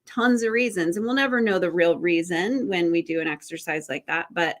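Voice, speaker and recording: A woman hosting a casual webinar conversation, chatty and animated, laughing easily. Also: lowish voice, a little fast. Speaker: host.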